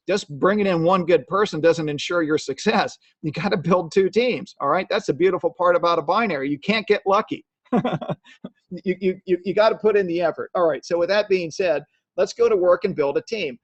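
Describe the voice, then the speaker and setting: A man's voice: high-pitched, brisk, no echo. A man giving a live sales training talk, emphatic and repetitive, often checking in with "okay?". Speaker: network marketing trainer. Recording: dull lo-fi dry sound.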